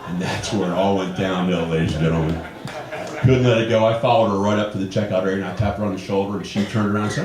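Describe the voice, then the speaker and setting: A man in his fifties doing a stand-up comedy set on a club stage, telling stories and jumping into high voices for the people he quotes. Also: fast. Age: 50s. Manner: animated storytelling, jumps high for quoted voices. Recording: roomy club with audience laughter. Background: audience laughing.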